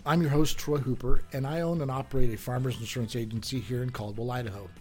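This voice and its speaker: A man's voice: mid-range voice, fairly even intonation, fast, a little mellow. A man hosting a business podcast, introducing guests and asking questions in an upbeat, conversational way. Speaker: podcast host. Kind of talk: podcast interview.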